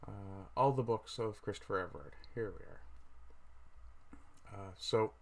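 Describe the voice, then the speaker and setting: A middle-aged Newfoundland man hosts a relaxed livestream in a lowish voice. He rambles along, stops to fix his own words and tosses off chatty asides as he clicks through pages. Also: a little slow. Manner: rambling, self-correcting, chatty asides while browsing. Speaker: livestream host. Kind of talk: casual livestream chat.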